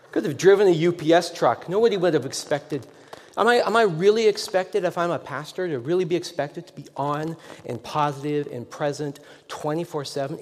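A man preaching a sermon as a pastor, telling a story in a rambling, self-deprecating way with many restarts. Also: fairly high pitch. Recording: long echoing hall reverb.

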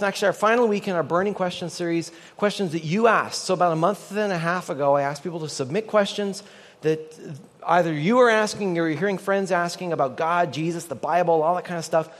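A Canadian man preaching a sermon in an animated, joking way, getting the audience to repeat lines after him. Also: high voice, in a large hall. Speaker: pastor.

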